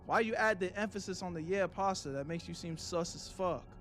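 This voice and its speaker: A young man streaming a horror game live, reacting in a panicky, excitable way, swearing and repeating himself. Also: high-pitched, brisk, faint music behind.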